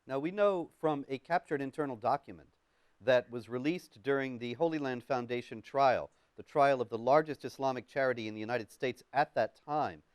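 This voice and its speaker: A male talk show host who interviews his guest and reads quotations in a measured way. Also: mid-range voice, dry recording.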